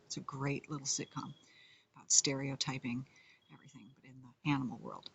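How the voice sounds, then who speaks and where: Rambling, whispery comedian with a gravelly voice. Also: medium pitch, brisk, a bit bright, a little hiss or hum. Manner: rambling, drifting often into whispers. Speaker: comedian and musician. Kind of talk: rambling casual monologue.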